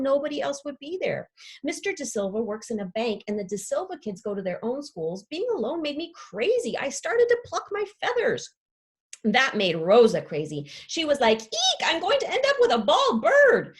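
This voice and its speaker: A woman reading aloud as a chatty, dramatic classroom pet parrot who makes up rhymes. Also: slightly rough. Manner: lively storytelling with playful rhymes and pitch leaps. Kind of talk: children's book read aloud.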